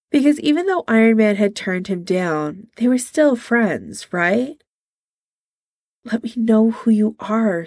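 Gravelly woman reading a story. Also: mid-range voice, darkish tone, no echo, clean studio sound. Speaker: narrator. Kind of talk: audiobook reading of fan fiction.

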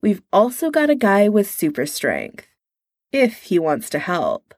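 A woman's voice: medium pitch, wildly swooping pitch, unhurried, darkish tone, dry recording, exaggerated voice. Lady doing a cocky teasing engineer guy, wry and glib, dry close sound.

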